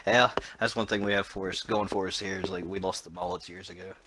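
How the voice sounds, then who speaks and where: A man's voice: low voice, quick pace. A man co-hosting a casual chat podcast, tossing in dry, wisecracking remarks. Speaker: podcast co-host. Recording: steady background noise.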